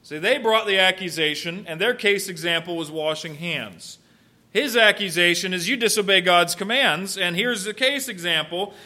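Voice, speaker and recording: A man's voice: sits high, normal speed, sharp tone. A male pastor preaching a sermon emphatically, with many rhetorical questions.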